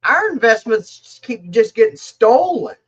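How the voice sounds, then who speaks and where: A woman's voice: fairly high pitch, sing-song, a little slow, breathy edge, dull audio. A woman reading tarot cards for viewers in a casual livestream, rambling, blunt and emotional as she talks to the chat. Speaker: tarot reader answering viewer questions.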